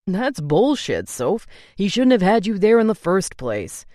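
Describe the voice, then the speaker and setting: A woman's voice: medium pitch, very animated, unhurried, mellow, dry recording, clean studio sound, voice pushed up. A woman reading an audiobook, voicing a protective young man, the heroine's level-headed but angry older brother, who talks bluntly and swears when riled. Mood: stern.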